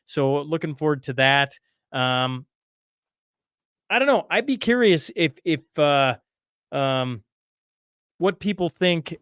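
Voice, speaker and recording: A man's voice: a little high, expressive, slow pace, long pauses, fairly bright tone, smooth, no echo, clean studio sound. A man hosting a casual livestream, rambling as he reads the chat and tries to bring in guests. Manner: rambling, talks to chat and guests, frequent restarts. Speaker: livestream host.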